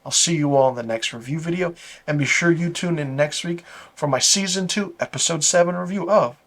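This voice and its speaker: A man's voice: on the high side, a little fast. A man reviewing a TV episode in a casual, rambling recap. He is enthusiastic, uses many fillers, and often says "like". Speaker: TV episode reviewer, channel host.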